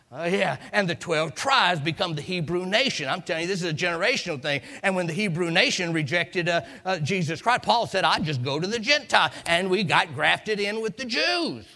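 A man preaching with a sharp, forceful tone and a gravelly edge. His pitch sits a little high for a man. He tells the story with emphatic, rising delivery and calls out hallelujah again and again. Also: expressive, normal speed. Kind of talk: sermon.

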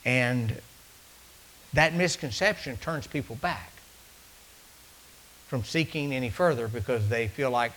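A male preacher with a drawl delivers his sermon like a story told from the pulpit. His voice is bright and forward, sitting at an ordinary middle pitch. He swings from loud, ringing calls down to hushed, near-whispered asides. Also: unhurried, pauses often, slight background noise, poor audio.

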